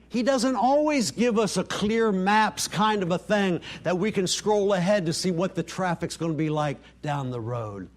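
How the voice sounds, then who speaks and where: A man preaching a sermon as pastor, acting out quoted dialogue and sinking to soft, hushed lines for emphasis. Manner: preaching, dropping to soft near-whispers on key lines; voices quoted dialogue with rising pitch.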